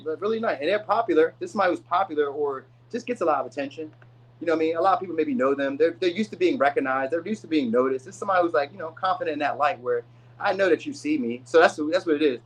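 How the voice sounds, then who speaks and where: A man's voice: a little high, a bit bright, husky, poor audio. A man giving a casual, rambling tarot reading. He uses slang and often says "you know what I mean.". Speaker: tarot reader.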